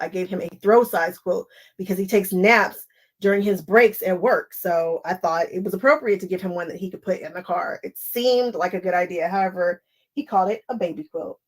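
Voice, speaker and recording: A woman's voice: on the low side, moderate pace, breathy edge. A woman hosting a quilting live stream, chatting casually and laughing often as she wanders off on tangents while cutting fabric at home. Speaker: quilting channel host. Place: home sewing space.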